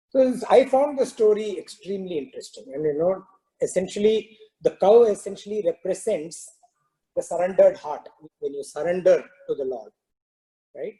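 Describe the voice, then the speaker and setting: A man giving a spiritual storytelling talk, narrating a parable in a measured, reflective way, often saying "you know". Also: high-pitched, mellow, poor audio. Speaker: spiritual speaker.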